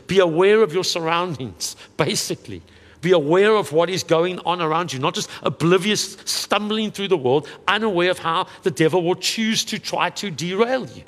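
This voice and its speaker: Male pastor with a high voice, earnest and conversational, mid-sermon in an echoing church hall. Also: a bit bright. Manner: earnest, conversational preaching with quick asides.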